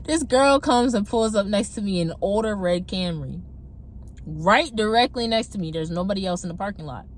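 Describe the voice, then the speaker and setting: A young woman telling a personal testimony in a casual, animated way, laughing often and acting out her own past outbursts, talking from her parked car. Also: mid-range voice, moderate pace, slight background noise. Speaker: testimony vlogger. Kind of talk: casual storytelling.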